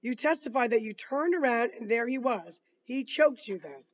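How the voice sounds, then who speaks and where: A man reading aloud, voicing a calm, patient lawyer cross-examining a witness in measured questions. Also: very high voice, lo-fi sound. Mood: probing.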